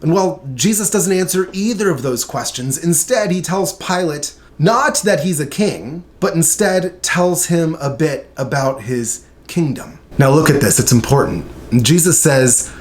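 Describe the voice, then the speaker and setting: A man teaching a short Bible study, reading scripture aloud in an earnest, measured way with emphatic pauses. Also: a little high.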